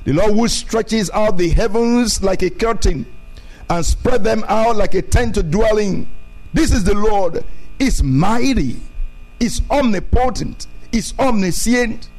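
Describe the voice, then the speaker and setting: Male pastor, high voice, repetitive emphatic sermon delivery, soft music underneath. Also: measured pace, low-quality recording. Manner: repetitive preaching, rising emphatic declarations.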